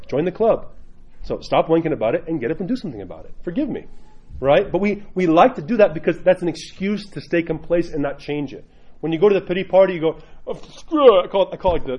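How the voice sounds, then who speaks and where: Husky priest, blunt and joking. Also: male voice, fairly high pitch, dark tone, highs cut off. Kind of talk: informal sermon talk.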